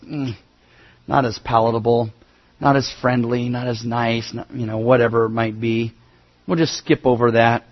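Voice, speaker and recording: A man preaching a sermon as pastor, earnest, swinging between emphatic rises and low quiet drops. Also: breathy edge, lo-fi sound.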